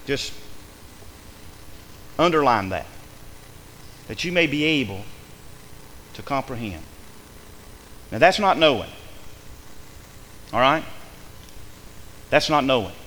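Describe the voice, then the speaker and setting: A high, bright-voiced man preaching with wide, animated swings of pitch and a forceful edge. He moves from quiet, hushed stretches to fervent, loud declarations. His voice carries a long echo through a large hall, with a faint hum of noise underneath. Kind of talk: sermon.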